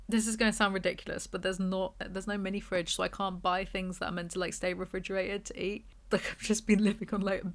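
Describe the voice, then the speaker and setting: A woman's voice: mid-range voice, steady tone, brisk, a bit bright, dry recording. Chatty British woman reviewing a book. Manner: chatty, rambling, sarcastic asides. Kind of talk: casual book review commentary. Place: hotel room.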